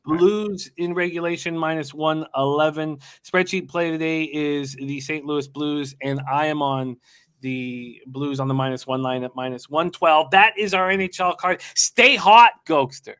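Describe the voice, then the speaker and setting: A man hosting a live sports betting show, rattling off betting lines quickly and hyping up his guests. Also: on the high side, steady tone, fairly bright tone, clean tone. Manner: rapid-fire reading of betting lines.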